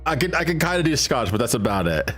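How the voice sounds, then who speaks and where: A man's voice: mid-range voice, big pitch swings, quick pace, fairly bright tone, faint music behind. A man streaming a game, chatting casually, rambling and swearing freely with self-deprecating jokes. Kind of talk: casual gameplay commentary.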